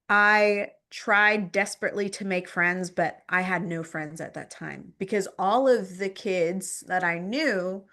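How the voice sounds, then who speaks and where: A woman with a lowish, slightly bright voice is a podcast guest telling her personal story in conversation. She rambles, leaning heavily on fillers like "like" and "um," and repeats phrases for emphasis.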